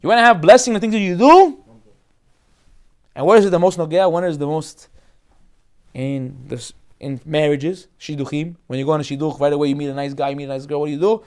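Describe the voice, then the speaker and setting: A man a notably high-pitched voice gives a casual Torah class, speaking in an animated, jokey way. He slips in and out of little acted voices to make his points. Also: fast. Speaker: rabbi.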